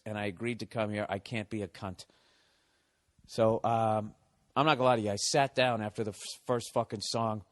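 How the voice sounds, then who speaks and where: A comedian hosts his podcast with a casual storytelling rant, his pitch sitting in the middle of the male range. He swears constantly and sounds exasperated. He stops to correct himself and restart the story mid-sentence. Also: no echo. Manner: profane, exasperated, heavy swearing.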